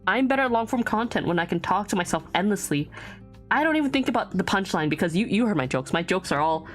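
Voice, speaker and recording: A woman's voice: mid-range voice, lively intonation, fast, faint music behind. A young adult woman livestreaming as a VTuber, chatting casually with her viewers, rambling and thinking aloud and laughing often. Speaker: VTuber streamer.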